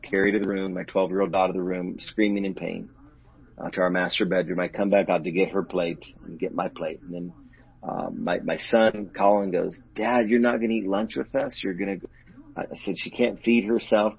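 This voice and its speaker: A middle-aged male pastor with a low, gravelly, husky voice, speaking earnestly and openly about hurt in an interview. The audio is dull and lo-fi. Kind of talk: candid personal storytelling in an interview.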